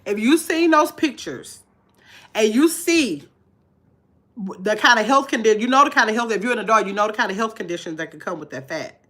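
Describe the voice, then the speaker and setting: A woman's voice: fairly high pitch, lively intonation, fairly quick, a bit bright. A woman vlogging live to her chat in casual talk, blunt and emphatic, repeating her points.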